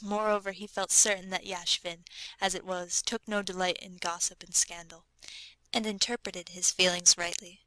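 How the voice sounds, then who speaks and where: A woman narrating a classic novel in a steady, measured audiobook reading. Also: fairly low pitch, dry recording, low-quality recording.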